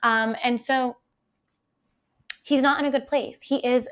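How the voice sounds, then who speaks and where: A woman's voice: high voice, fairly even intonation, unhurried, a bit bright. A woman hosting a casual book podcast, talking in a gushing, emotional way and often repeating herself. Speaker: podcast host. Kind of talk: casual book review chat.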